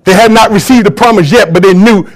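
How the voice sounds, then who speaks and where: A pastor with a high-pitched voice preaches quickly to his congregation. He's emphatic, and the crowd calls back in response.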